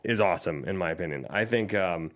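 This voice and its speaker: A man's voice: low-pitched, fast talker. A man co-hosting a casual movie review podcast, laughing often and acting out scenes in goofy voices. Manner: animated, laughs often, acts out lines in silly voices. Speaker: podcast co-host.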